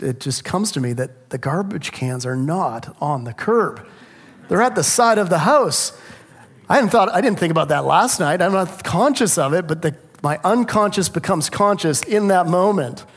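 Man preaching, middle-aged, slightly high pitch, lively rhetorical questions, sermon storytelling. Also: moderate pace, slightly rough. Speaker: pastor.

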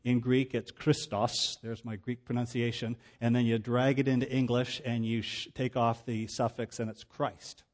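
A man's voice: medium pitch, level tone, normal speed, few pauses, a little mellow. A male pastor preaching a sermon in a plain, conversational teaching manner with casual asides.

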